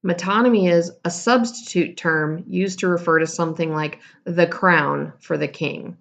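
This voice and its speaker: A woman's voice: fairly low pitch, steady tone, normal speed, vocal fry. A woman teacher giving a casual recorded lesson, explaining terms and correcting herself as she goes.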